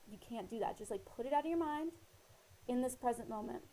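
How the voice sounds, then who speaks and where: A woman's voice: fairly high pitch, lively intonation, a little fast, warm tone, slight background noise, low-quality recording. A woman talking earnestly to camera, rambling a little with fillers as she shares personal advice. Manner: earnest, rambling, many fillers and retold dialogue. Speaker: vlogger sharing personal advice. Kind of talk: casual personal talk to camera. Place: living in Australia.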